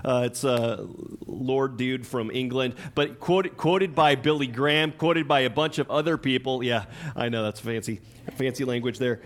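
A man's voice: medium pitch, moderate pace. A man preaching a sermon in a conversational, chatty way, with lots of fillers, restarts and laughter. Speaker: pastor.

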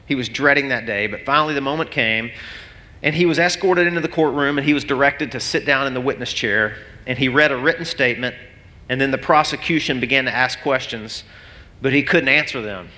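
A man's voice: mid-range voice, fairly quick, sharp tone. A man preaching a sermon as pastor, telling a story earnestly and with rising emotion. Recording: long hall reverb.

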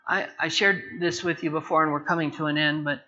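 A man preaching a sermon with a bright, forceful, somewhat high voice. He builds from quiet prayer to loud, emphatic declarations. The recording sounds dull and lo-fi. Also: fairly even intonation, brisk. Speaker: pastor.

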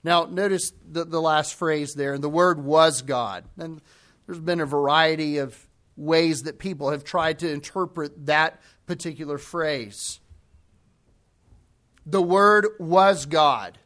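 A man delivers a sermon in a fairly high voice. He talks emphatically and stretches out the phrases he wants to drive home. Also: fairly even intonation, a bit bright. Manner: emphatic, slows down to stress key phrases. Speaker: preacher.

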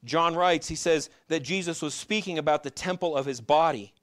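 A male pastor in middle age preaches in a fairly high voice. He talks to the congregation as if chatting, puts question after question to them, and drags out the lines he wants to land. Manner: conversational preaching with rhetorical questions and slowed emphatic lines. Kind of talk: sermon.

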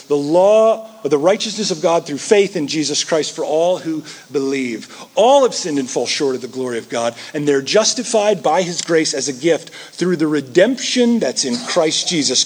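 A man preaching a sermon, animated and conversational, acting out quoted voices to make his points. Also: on the high side, slight background noise. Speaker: pastor.

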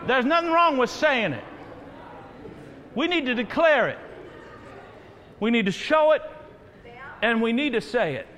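A man preaching a sermon to a congregation, rising to loud exhortation. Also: extremely high pitch, very animated, measured pace, pauses often, a faint crowd. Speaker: pastor. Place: large church sanctuary. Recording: reverberant church hall.

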